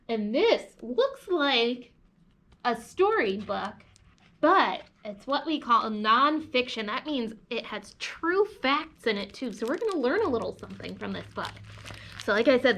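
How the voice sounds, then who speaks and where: A woman reads aloud at a library story time, slow and cheerful with a bright, somewhat high voice. She leans into a sing-song delivery for small children. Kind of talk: story time reading and singing for kids.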